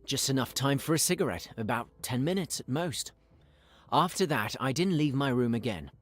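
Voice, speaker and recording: A man voicing a lively witness. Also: mid-range voice, moderate pace, no room sound, close to an everyday voice. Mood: matter-of-fact. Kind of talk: video game voice acting.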